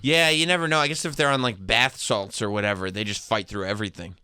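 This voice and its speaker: A man's voice: on the low side, fairly even intonation, fast, bright, forceful tone, clear, resonant tone. A man co-hosting a talk radio show, chatting casually and tossing in jokey reactions. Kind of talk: casual chat. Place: radio studio. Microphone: close studio mic.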